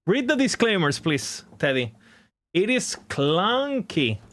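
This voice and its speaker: A man's voice: high-pitched, very animated, takes it slowly, fairly bright tone. A man chatting casually on a game stream as its host, rambling along and often laughing at himself. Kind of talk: casual live-stream chat.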